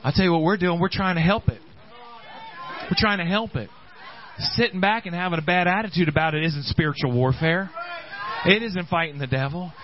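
A man preaching a sermon in a church service, building up to shouted, repeated exhortations. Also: sits high, fairly quick, long pauses, dull audio, a faint crowd. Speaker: pastor.

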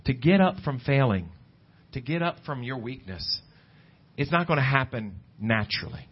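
A man preaching a sermon at a church service, talking conversationally and climbing in pitch when he stresses a point. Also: lively intonation, moderate pace, slightly rough. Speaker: pastor. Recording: dull lo-fi church recording with faint guitar.

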